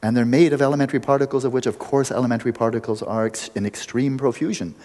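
A man's voice: mid-range voice, fairly even intonation, fast talker, darkish tone, long reverb tail. A man giving a meditation retreat lecture, playful and teasing, telling stories and laughing often. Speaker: meditation teacher.

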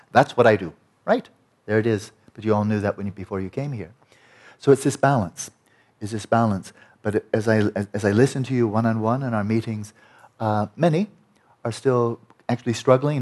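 A man teaching a meditation retreat, giving a dharma talk in an emphatic, conversational way. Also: darkish tone. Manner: emphatic, conversational, rises in pitch to stress points.

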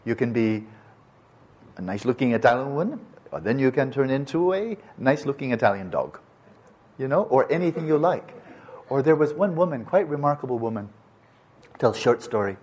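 Older male dharma teacher, husky voice, mid pitch, loose unscripted delivery. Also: lively intonation, normal speed, long pauses, a little mellow. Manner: digressive, repeats and restarts words, playful asides. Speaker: meditation teacher.

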